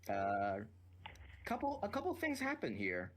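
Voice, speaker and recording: A man's voice: medium pitch, measured pace, slight background noise. A man playing a tabletop game, describing his turn in a hesitant way with many restarts. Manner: hesitant, full of restarts, lively. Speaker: player. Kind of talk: casual tabletop play.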